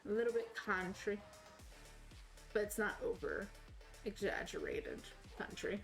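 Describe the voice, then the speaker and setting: A woman's voice: mid-range voice, wildly swooping pitch, unhurried, gravelly, soft background music, poor audio. A woman with a slight Southern US accent, chatting casually and rambling as a game streamer. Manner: rambling, self-correcting, chatty. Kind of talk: casual chat while playing.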